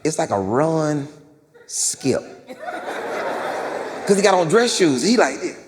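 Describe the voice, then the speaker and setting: A man's voice: slow pace, very noisy. A man doing stand-up, telling long stories with lots of repetition on a theater stage. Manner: animated storyteller, repeats lines, jumps into loud high-pitched quoted voices. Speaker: stand-up comedian. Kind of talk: stand-up storytelling. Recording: live theater with long reverb and faint crowd ambience.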